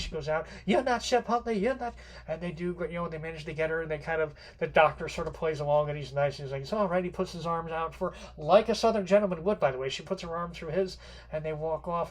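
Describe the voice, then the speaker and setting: Man, slightly higher voice, rambling literature lecture, fillers, restarts, casual swearing.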